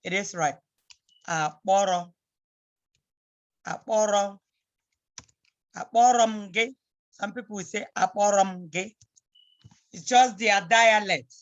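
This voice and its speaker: A woman's voice: medium pitch, slow, long pauses, dull audio. A woman teaching a beginner Igbo lesson, patiently repeating phrases and spelling them out. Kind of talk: slow beginner language lesson.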